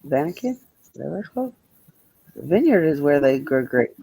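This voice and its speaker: A man's voice: fairly high pitch, big pitch swings, moderate pace, vocal fry, mellow, husky, dry recording, rough recording. A man chatting bluntly with viewers on a livestream, rambling and swearing freely. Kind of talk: casual livestream chat answering viewers.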